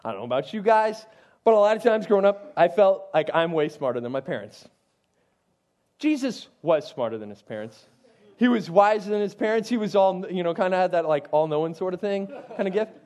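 A man's voice: sits high, expressive, brisk, darkish tone. A man, a youth pastor, teaching from the Bible in a casual, conversational way with frequent asides to his listeners.

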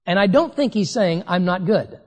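Preacher, sermon delivery, emphatic, slows down to stress key words, big hall reverb. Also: mid-range voice, animated, darkish tone.

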